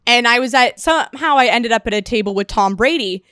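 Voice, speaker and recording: A woman's voice: on the high side, brisk, fairly bright tone, clean tone, no echo, studio quality. A young woman, a podcast guest, chatting in a self-deprecating way and often laughing while she talks. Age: young adult. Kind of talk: casual chat. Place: podcast studio.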